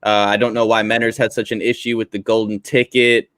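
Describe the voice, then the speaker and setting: A man's voice: lowish voice, flat delivery, fairly quick, a bit bright, no room sound. A man reading viewer comments aloud, hesitant and dry with many fillers. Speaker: chat reader.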